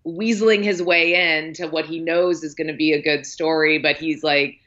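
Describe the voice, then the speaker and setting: Chatty low-voiced woman guest. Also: fairly even intonation, moderate pace, fairly bright tone, dull audio. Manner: chatty, lots of likes and ums, acts out quotes. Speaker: podcast guest, film critic. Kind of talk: casual film discussion.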